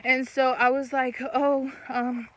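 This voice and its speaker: A young woman in casual storytime talk, animated and swearing, acting out what people said. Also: sits high, slow pace. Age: young adult. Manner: animated, swearing, laughs mid-story, acts out quotes. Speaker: vlogger.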